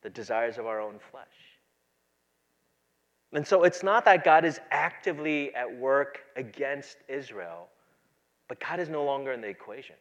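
A pastor preaching a sermon, moving between quiet, low asides and loud, emphatic passages. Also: male voice, expressive, normal speed, highs cut off.

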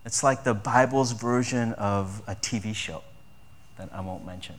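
A man's voice: fairly low pitch, moderate pace. A man preaching a sermon in a conversational style, often asking his listeners rhetorical questions. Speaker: pastor.

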